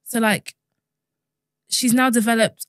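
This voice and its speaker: A woman's voice: on the high side, fairly even intonation, takes it slowly, no room sound, clean studio sound. A young woman, a care worker chatting bluntly with lots of fillers in casual conversation.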